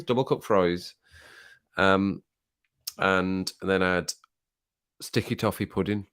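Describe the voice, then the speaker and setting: A man's voice: deep voice, steady tone, slow pace, long pauses, fairly bright tone, smooth. A man chatting casually on a live stream, reading viewer comments aloud and laughing often. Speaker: music reaction streamer.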